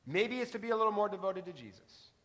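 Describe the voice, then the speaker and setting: Male pastor, high voice, storytelling sermon, reverberant church. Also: animated, fast, fairly bright tone. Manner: storytelling preacher, varied emphasis. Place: church sanctuary.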